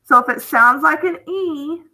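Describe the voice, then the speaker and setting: A woman's voice: high-pitched, a little slow, bright, forceful tone. A woman teaching a phonics lesson, explaining step by step and checking in with "okay?".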